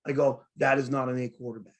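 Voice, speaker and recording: A man hosting a sports talk show, telling a long story in a casual, excitable way and quoting arguments he had. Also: medium pitch, quick pace. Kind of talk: animated storytelling in casual chat.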